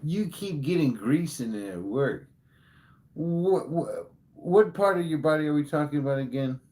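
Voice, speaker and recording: A man's voice: a little high, lively intonation, moderate pace, darkish tone. A man hosting a livestream, telling a rambling comic story to his chat in a profane, joking, tall-tale way. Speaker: livestream host.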